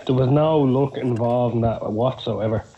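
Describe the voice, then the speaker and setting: A former co-host chatting casually, blunt and full of swearing, mocking himself. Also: male voice, medium pitch, moderate pace, dark tone, muffled recording. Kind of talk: casual chat.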